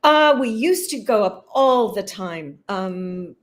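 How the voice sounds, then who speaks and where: A woman in her sixties from California talks in a relaxed, chatty way as an interview guest. She laughs easily and reminisces with warmth. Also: mid-range voice, slow. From California, USA. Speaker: actress guest. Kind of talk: casual interview conversation.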